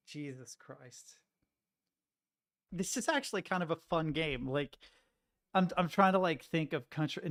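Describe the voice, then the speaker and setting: A man chatting casually with his live-stream chat, joking, laughing often and rambling through self-interruptions. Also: on the high side. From United States.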